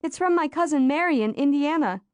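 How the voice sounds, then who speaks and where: A woman voicing a spirited, sharp-tongued young girl in an audiobook. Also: high-pitched, animated, fairly quick, dry recording. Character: spirited young girl, quick to tease and scold. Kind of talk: audiobook character voice.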